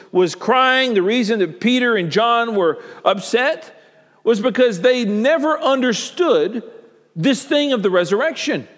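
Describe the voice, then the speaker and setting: Male pastor, high tenor voice, emphatic repetitive sermon delivery, reverberant hall. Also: fairly bright tone. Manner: preaching with emphatic repetition and scripture reading.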